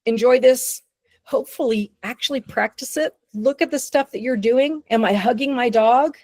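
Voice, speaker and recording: A woman's voice: a little high, normal speed, a little mellow, no echo. Texan woman, dog trainer presenting online, chatty and unpolished, dry close-mic sound. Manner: conversational, many restarts and acted-out dog thoughts. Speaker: dog behavior consultant. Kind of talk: webinar presentation.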